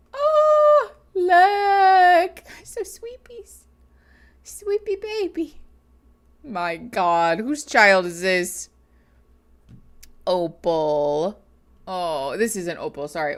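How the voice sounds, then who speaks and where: Woman, casual reaction chat, giggly, lively pitch, unhurried. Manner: gushing, giggly, coos over pets. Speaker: streamer.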